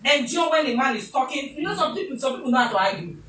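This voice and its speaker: A woman's voice: high voice, animated, quick pace, a bit bright. A Nigerian woman presenting a talk show, speaking comically and mixing in pidgin as she acts out little scenes. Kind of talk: animated comic commentary. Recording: echoey room, distant mic, faint noise.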